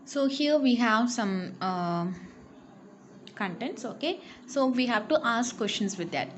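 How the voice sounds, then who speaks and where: Woman teacher, unhurried, careful word-list reading, slightly high voice, faint hiss. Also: lively intonation, highs cut off. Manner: slow, careful reading of word lists and example questions. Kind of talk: recorded online English lesson.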